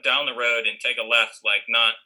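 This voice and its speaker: A man's voice: mid-range voice, fairly even intonation, moderate pace, sharp tone, poor audio. A young man casually telling a rambling story, full of fillers and restarts, acting out what others said. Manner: rambling, many fillers and restarts, acts out quoted lines.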